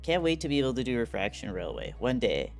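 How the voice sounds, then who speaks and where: A man's voice: medium pitch, very animated, fast talker, vocal fry, faint music behind. Chatty male game streamer. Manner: chatty, reads chat and game text aloud, laughs often. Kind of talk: casual live-stream commentary.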